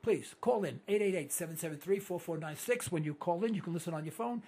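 Hoarse, husky New radio host ranting. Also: male voice, on the high side, quick pace. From New York. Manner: animated ranting, mocking voices, sudden loud outbursts. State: going hoarse. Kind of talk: ranting call-in radio monologue.

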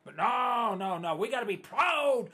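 New talk radio guy going hoarse, husky, ranting, voice jumps all over and goes up high. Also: measured pace. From New York. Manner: animated ranting, mocking voices, sudden loud outbursts. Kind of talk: ranting call-in radio monologue.

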